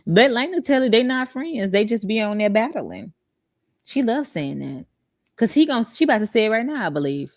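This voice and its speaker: A woman hosting reaction commentary, animated and laughing, firing rhetorical questions at her viewers, with features. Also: on the high side, moderate pace, dry recording, studio quality. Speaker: commentary channel host.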